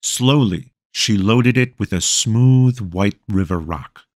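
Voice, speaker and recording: Guy narrating an audiobook, low voice, dry close mic, wry tone. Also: slow, darkish tone, no echo. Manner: wry, storytelling. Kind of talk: scripted narration.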